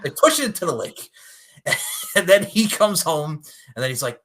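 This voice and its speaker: A man's voice: on the high side, big pitch swings, normal speed, bright, forceful tone. A man co-hosting a podcast, casually recapping a movie with lots of laughter and offhand swearing. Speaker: podcast co-host.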